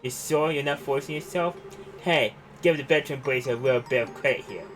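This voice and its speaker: A man voicing a gruff, tough young man in a game, with rough, slangy, blustering talk. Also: mid-range voice, fairly quick, soft background music, close to an everyday voice. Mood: reassuring. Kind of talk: reading game dialogue aloud.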